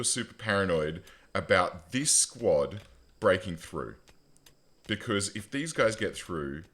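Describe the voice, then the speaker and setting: Here a man with a fairly low-pitched, slightly bright voice gives casual let's-play commentary on a strategy game. He banters with his audience and cracks jokes at his in-game characters.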